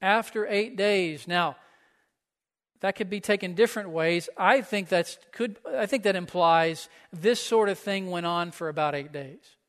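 A man's voice: sits high, unhurried, a bit bright. A man pastor preaching a sermon in a church, conversational and often asking the listeners questions. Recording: echoey hall.

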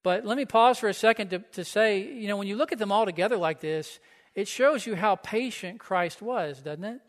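A man's voice: high voice, normal speed. A man pastor preaching a sermon in a church, conversational and often asking the listeners questions. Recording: echoey hall.

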